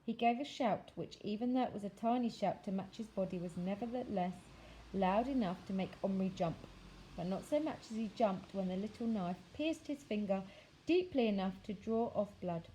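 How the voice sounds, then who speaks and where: A woman teacher reading a children's novel aloud, with expressive, measured storytelling that slows for dramatic phrases. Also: mid-range voice, a little hiss or hum, rough recording.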